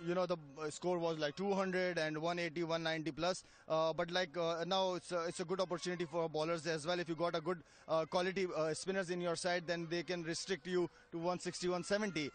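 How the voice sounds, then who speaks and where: Man, cricketer, interview, halting, fillers, raised pitch. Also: flat delivery. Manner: halting, many fillers and restarts. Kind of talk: post-match style interview.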